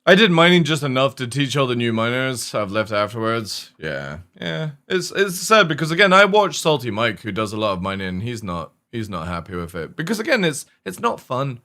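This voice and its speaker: Brief: male game streamer, lively up-and-down delivery, profane exasperated rant, mid pitch. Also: fairly quick, hardly any pauses. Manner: animated, swearing often, exasperated.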